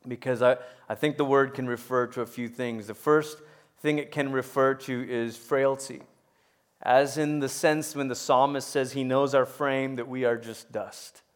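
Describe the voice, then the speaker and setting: A middle-aged man preaching a sermon as pastor, rising to loud emphatic peaks and dropping to soft, hushed storytelling, with frequent stammers and restarts. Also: medium pitch, steady tone, normal speed.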